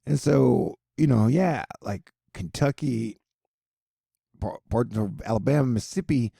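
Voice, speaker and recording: A man's voice: mid-range voice, animated, a little slow, vocal fry, warm tone, slightly rough, no echo, clean studio sound. A man hosting a weather and news video in casual, joking, rambling commentary full of asides.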